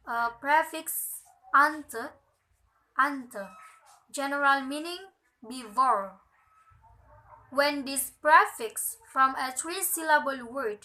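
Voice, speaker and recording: Young woman, Indonesian first language, bright tone, unhurried lesson reading, careful and halting. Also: high voice, low-quality recording. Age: young adult. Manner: slow, careful, filler "okay" and "uh". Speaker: student presenter. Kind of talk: reading a lesson on word stress.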